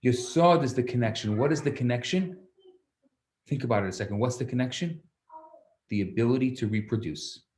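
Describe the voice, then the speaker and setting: Male rabbi-teacher, storytelling lecture, animated delivery, mid-range voice, occasional restarts. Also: mid-range voice, a little fast.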